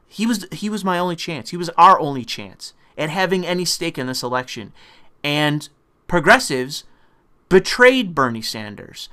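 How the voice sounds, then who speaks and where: A man's voice: high voice, a bit bright. A man delivering an angry, profane political rant in a combative, sarcastic manner. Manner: mocking put-on voices when quoting opponents. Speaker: political commentator.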